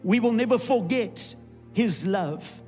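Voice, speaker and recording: A man's voice: high-pitched, lively intonation, takes it slowly, darkish tone. A man preaching a sermon as pastor, rousing and repetitive in call-and-response style. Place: large church hall. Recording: long hall reverb with faint music.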